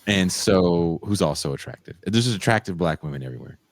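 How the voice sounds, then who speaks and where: A man hosting a podcast, recapping a movie as an excitable storyteller who laughs often and bursts into high exclamations. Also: a little fast. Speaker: podcast host.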